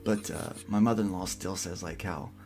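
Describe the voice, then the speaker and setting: A man's voice: low-pitched, steady tone, moderate pace, gravelly, a little mellow. A man hosting a casual livestream podcast, telling a rambling family story full of restarts. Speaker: podcast host.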